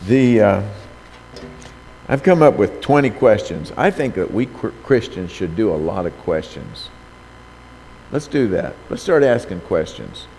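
A man's voice: fairly low pitch, very animated, a little slow, creaky, a little mellow. A man preaching a sermon who reads scripture aloud, raises his voice for quoted lines, and keeps asking the listener rhetorical questions. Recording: long hall reverb, faint background noise.

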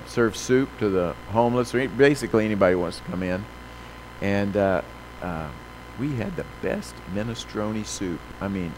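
A man preaching a sermon, reading scripture slowly and with emphasis, then telling folksy stories with many fillers. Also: lowish voice, a little hiss or hum, rough recording. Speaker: pastor.

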